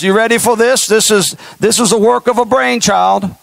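A man's voice: high voice, normal speed, creaky, fairly bright tone, dry recording. A male pastor preaching a sermon, impassioned and folksy, with mocking asides.

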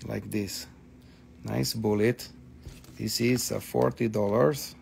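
Gravelly, joking man hosting a live sale. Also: lowish voice, steady tone, takes it slowly, darkish tone, slight background noise. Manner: joking, swears casually, repeats himself. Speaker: host selling crystals. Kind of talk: casual live-stream sales chat.

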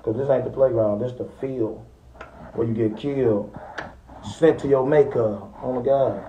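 A man's voice: medium pitch, moderate pace, mellow, muffled recording, a little hiss or hum. A young man in a boastful, threatening trash-talking rant aimed at rivals. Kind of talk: taunting rant to viewers.

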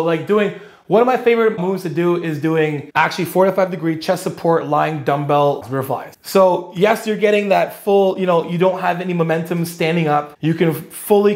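A man's voice: high-pitched, a little mellow. A man coaching fitness in casual commentary, talking energetically with slang and thinking aloud.

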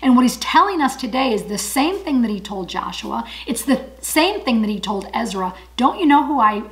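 A woman's voice: a little high, poor audio. Earnest woman teaching a Bible study. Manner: earnest, emphatic, repeats key phrases. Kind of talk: encouraging Bible study talk to camera.

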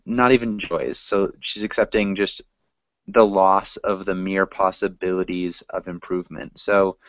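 A man's voice: lowish voice, clean tone, dry recording. A man teaching a reading class, explaining a story in a casual, hesitant way with many fillers. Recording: dull lo-fi recording.

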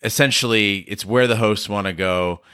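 A man co-hosting a casual podcast, his low voice bright and forceful. He talks in quick, emphatic runs, and the sound is close and dry with no room in it. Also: clear, resonant tone, no echo. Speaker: podcast co-host.

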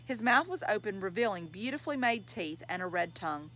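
Woman reader, children's novel, lively pitch, expressive. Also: brisk, poor audio. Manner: expressive storytelling. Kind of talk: reading a children's novel aloud.

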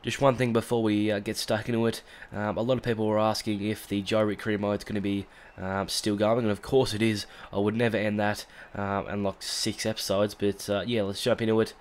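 An Australian man with a congested, stuffy voice from a cold, giving chatty let's-play commentary with lots of fillers and sudden excited outbursts. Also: on the low side, fairly quick, few pauses. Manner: chatty, rambling with fillers, bursts into excited shouts at big moments. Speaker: gaming YouTuber.

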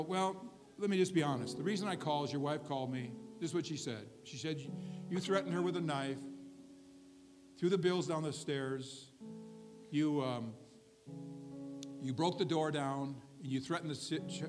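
High-voiced pastor telling a story. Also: male voice, moderate pace, faint music behind. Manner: conversational storytelling with asides to the congregation. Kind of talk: sermon. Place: church service.

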